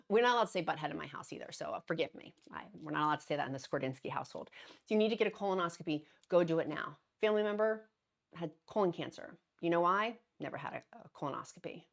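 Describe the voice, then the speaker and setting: A woman's voice: deep voice, lively intonation, fast talker, creaky. A woman hosting her daily vlog, talking earnestly and encouragingly to viewers, with frequent restarts and little laughs. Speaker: vlogger hosting a daily show. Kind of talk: casual direct-to-camera vlog talk.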